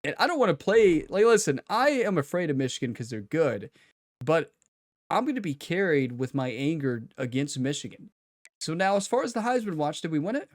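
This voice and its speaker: A slightly high-voiced man talks over his video game from a home setup, hyping himself up with playful trash talk. His voice is dry and close, with no room sound behind it. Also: sing-song, fairly quick, dry recording. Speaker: gaming YouTuber. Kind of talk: casual gameplay commentary.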